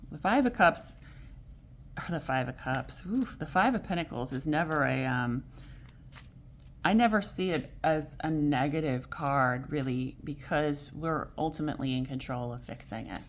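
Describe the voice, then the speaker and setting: Low-voiced woman giving a rambling tarot reading. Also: animated, moderate pace, slight background noise. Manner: rambling, self-correcting, often laughs; gentle and encouraging. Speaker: tarot reader. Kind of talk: casual weekly tarot reading.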